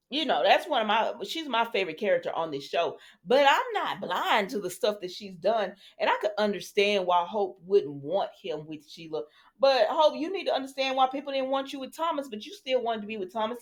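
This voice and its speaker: A young woman, casually recapping a soap opera and talking straight to her viewers with opinions. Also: on the high side.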